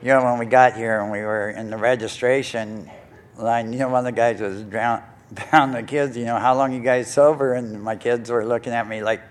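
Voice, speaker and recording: A man's voice: mid-range voice, fairly even intonation, normal speed. An older man speaking at a recovery conference, telling his own story in a rambling, self-mocking way with many fillers. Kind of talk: personal story talk to an audience. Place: conference hall stage.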